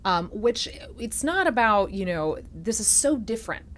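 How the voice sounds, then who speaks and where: A woman hosting an intimate interview podcast, talking in a reflective, soft-spoken way that turns emotional at times. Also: on the high side, very animated, moderate pace, a little hiss or hum. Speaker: podcast host.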